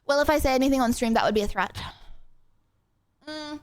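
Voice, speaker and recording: Very high-voiced chatty woman streamer. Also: dry recording. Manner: chatty and playfully bossy, rapid asides to chat. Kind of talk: casual chat to a live stream audience.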